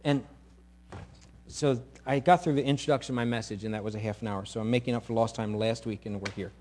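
A middle-aged male pastor preaching a sermon, animated and sometimes acting out quoted voices loudly. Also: medium pitch, quick pace.

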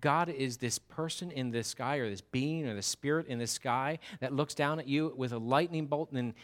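A man preaching a sermon in an earnest, emphatic way, often restarting his words. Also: mid-range voice.

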